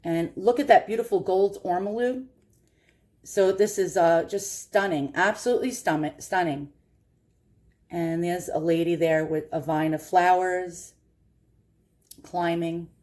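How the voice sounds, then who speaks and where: A woman's voice: lowish voice, unhurried, pauses often, a little mellow. A woman from Queens with a strong New York accent, chatting casually and laughing at herself as she shows off antiques in a vlog. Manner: chatty, self-deprecating, laughs often. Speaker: antiques collector vlogger. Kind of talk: casual show-and-tell vlog.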